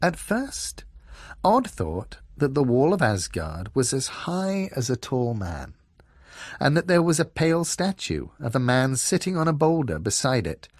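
Slow expressive male storyteller. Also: mid-range voice, dry recording, clean studio sound. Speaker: audiobook reader. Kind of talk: storybook reading for children.

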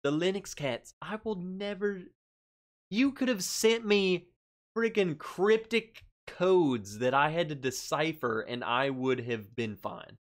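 A man hosting a relaxed tasting livestream, talking straight to his chat and laughing easily. His voice sits a little high and swings widely in pitch. There's a stressed edge to how he talks. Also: slow. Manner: chatty, reads out chat comments, laughs often. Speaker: livestream host. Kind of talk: casual live-stream chat.

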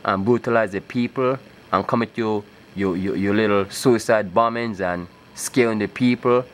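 A man's voice: fairly low pitch, normal speed. A man speaking to his viewers in an emphatic, insistent preaching monologue. He often checks in with "okay?" and at times rises into scripture-like declamation. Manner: breaks into rising, scripture-like declamation. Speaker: video blogger.

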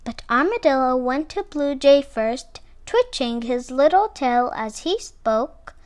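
A woman reading a picture book aloud to children, with expressive, animated storytelling. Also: high-pitched, slow.

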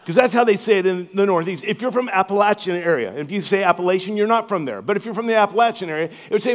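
A pastor from Louisiana preaching an earnest sermon, drawing out key words for emphasis. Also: male voice, high voice, animated, fairly quick. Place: church sanctuary. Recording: long church hall reverb.

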